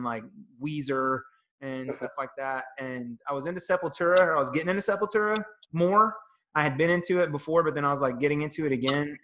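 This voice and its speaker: A middle-aged man co-hosting a music podcast, telling rambling, animated stories in casual chat. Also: medium pitch. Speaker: podcast co-host.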